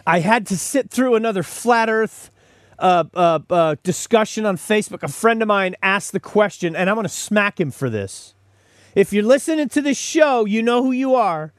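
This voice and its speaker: A man's voice: sits high, expressive, normal speed, dry recording, clean studio sound. A man hosting a podcast, delivering a sarcastic, opinionated commentary monologue. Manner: sarcastic, mocking, mimics callers and corporate statements. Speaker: podcast host.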